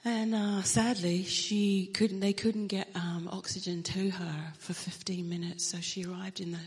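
Gravelly-voiced woman telling a faith story. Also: medium pitch, flat delivery, unhurried, in a large hall. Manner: earnest, drops to a whisper at emotional moments. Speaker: Christian singer. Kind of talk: telling a personal story in an interview.

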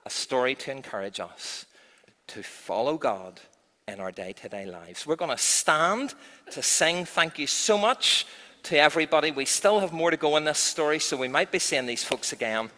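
A man leading a children's talk in church, telling a Bible story in an expressive, storytelling way. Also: a little high, moderate pace. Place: church hall. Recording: echoey church hall.

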